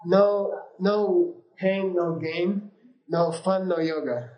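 A man's voice: high voice, steady tone, takes it slowly, highs cut off. A man teaching a class in a casual, rambling way, with many fillers, telling anecdotes and laughing easily. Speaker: yoga and meditation teacher. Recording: roomy echo.

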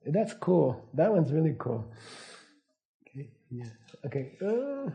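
A middle-aged man giving a casual, anecdotal teaching talk, relaxed and laughing often. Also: on the high side, takes it slowly, gravelly, dull audio. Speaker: Buddhist teacher.

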